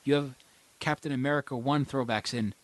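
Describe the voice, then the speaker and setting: A man's voice: mid-range voice, fairly even intonation, a little fast. A man hosting a casual movie podcast, giving bold, enthusiastic opinions.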